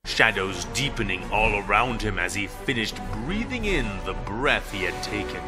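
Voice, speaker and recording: A man narrating a fan fiction audio story in a dramatic, measured reading. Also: fairly low pitch, sing-song. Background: background music.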